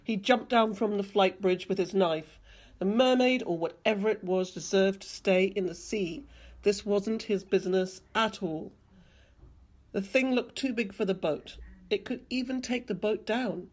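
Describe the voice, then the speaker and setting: A woman reading a novel excerpt aloud with expressive narration. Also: medium pitch, unhurried. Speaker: reader. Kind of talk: audiobook reading.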